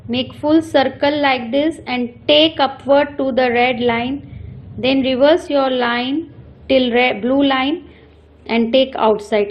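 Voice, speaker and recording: Woman, handwriting teacher, high voice, unhurried, repeats each step. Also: lo-fi sound. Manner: slow step-by-step instructions, repeating each stroke; switches between English and Hindi. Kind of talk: handwriting lesson for children.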